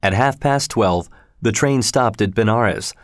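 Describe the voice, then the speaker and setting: A man narrating a classic adventure story as an audiobook reader, in a steady, measured storytelling manner. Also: on the low side, dry recording, clean studio sound.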